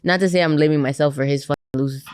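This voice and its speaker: A woman's voice: deep voice, steady tone, fast talker, a little mellow, clean tone. A woman from Canada with a Canadian accent, chatting as a podcast guest in a loose, candid way, swearing freely and laughing often. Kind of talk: casual chat.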